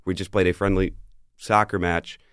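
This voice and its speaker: Young college guy, very low voice, dry close sound, wry explaining co-host. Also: level tone, moderate pace, a bit bright, smooth, dry recording. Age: young adult. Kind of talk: casual sports picks chat.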